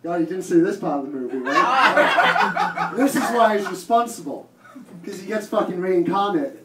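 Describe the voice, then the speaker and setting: A man's voice: high voice, lively intonation, normal speed. A man from the north of England with a Teesside accent doing a profane, rambling stand-up set and laughing at his own jokes. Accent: Teesside English. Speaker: stand-up comedian. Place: comedy club stage. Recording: roomy distant live club recording, noisy.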